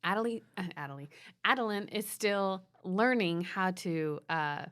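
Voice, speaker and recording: A woman co-hosting a parenting podcast, chatting and giving advice in a relaxed, talkative way and laughing easily. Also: mid-range voice, measured pace. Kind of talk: casual parenting podcast chat.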